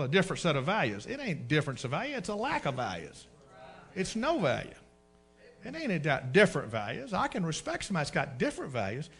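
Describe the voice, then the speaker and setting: A man's voice: a little high, fairly bright tone. A man preaching a sermon, telling folksy stories, using dialect and dragging out words for emphasis. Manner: folksy storytelling, dialect double negatives.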